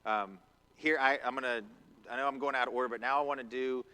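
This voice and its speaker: A man's voice: mid-range voice, fairly even intonation, quick pace, sharp tone, clean tone. A man preaching a conversational sermon in a church, acting out quotes as he goes. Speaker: pastor. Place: church sanctuary.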